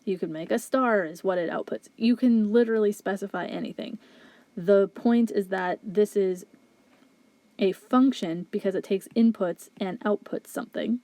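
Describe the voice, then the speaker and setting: A woman's voice: medium pitch, normal speed, mellow, no room sound. A woman teaching logic, methodically working through exam questions step by step and thinking aloud in a recorded lecture. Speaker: philosophy instructor.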